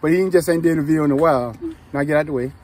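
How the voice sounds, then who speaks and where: A man's voice: fairly high pitch, very fast, distant mic. A man joking and teasing in casual group chat while exploring with friends, with noise of people around. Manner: laughing, teasing, animated. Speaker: paranormal explorer.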